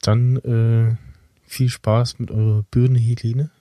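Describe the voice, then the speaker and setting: A man's voice: mid-range voice, flat delivery, takes it slowly, mellow, dry recording, studio quality. A man hosting a podcast in casual chat, with a hesitant delivery. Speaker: podcast host.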